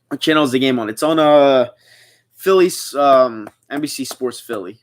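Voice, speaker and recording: A young man from the Philadelphia area hosts a casual livestream and chats loosely with his viewers. He rambles from comment to comment, reading each one aloud before he answers it. His voice sits at an ordinary middle pitch. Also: normal speed. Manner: chatty, rambling, reads chat aloud. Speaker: livestream host.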